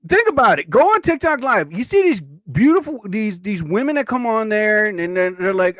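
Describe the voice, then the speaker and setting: A man hosts a live stream in a loose, joking way, talking straight to his viewers. His voice sits fairly high and swings widely in pitch, and bursts into shouted catchphrases. The sound is dry and close to the mic. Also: moderate pace, few pauses, no echo. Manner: animated, jokey, talks to chat, shouts catchphrases. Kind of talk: casual live stream chat.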